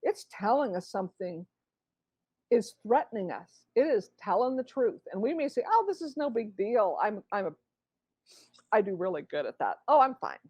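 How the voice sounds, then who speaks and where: A woman's voice: mid-range voice, normal speed, husky, no room sound. A woman author as a guest in a conversational interview, acting out inner voices as she explains. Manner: animated, acts out inner voices.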